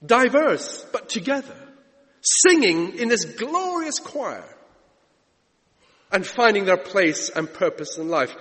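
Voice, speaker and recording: Male preacher, high lively voice, long church echo, dramatic sermon delivery. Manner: dramatic, swooping delivery, drawn-out words. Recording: long echoey church reverb.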